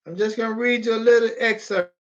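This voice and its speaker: Preacher, emphatic sermon, repeats phrases, mid-pitched voice, dull lo-fi sound. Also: fairly even intonation, fast. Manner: emphatic, pleading, with repeated phrases and bursts of shouting. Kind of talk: sermon with scripture reading.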